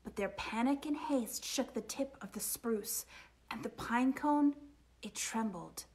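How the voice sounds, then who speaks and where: A woman reading a rhyming children's picture book aloud, expressive and sing-song, sometimes dropping to a whisper. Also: a little high, unhurried. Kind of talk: storytime read-aloud.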